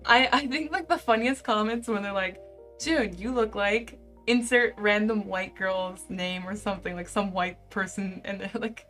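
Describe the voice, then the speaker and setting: A young woman in her twenties, a live-streamer, chatting casually and reading out viewer comments in an animated way. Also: medium pitch, moderate pace, faint music behind. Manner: chatty and animated, heavy use of "like".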